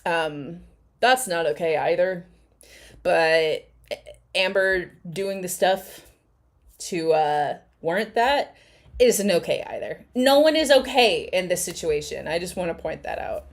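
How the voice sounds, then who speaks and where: A woman's voice: lowish voice, expressive, takes it slowly. A woman hosting a casual live chat, rambling and swearing freely as she reacts to clips. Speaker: host.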